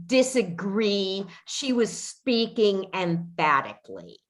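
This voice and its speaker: A woman's voice: on the low side, animated, slow. Indignant, swearing woman podcast host. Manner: indignant, swearing, frequent restarts. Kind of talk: casual chat.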